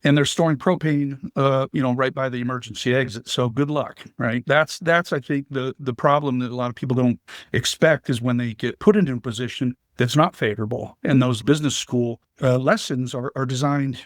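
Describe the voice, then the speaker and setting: A man answering interview questions in a measured, explanatory way, using vivid analogies. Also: medium pitch, fairly even intonation, no room sound, clean studio sound. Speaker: guest, business leader and veteran.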